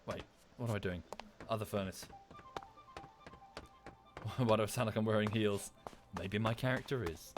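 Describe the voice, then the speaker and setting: A man's voice: fairly low pitch, moderate pace, pauses often, over music. A man with a British accent chatting casually on a livestream while playing a game, rambling with enthusiasm and swearing freely. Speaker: streamer.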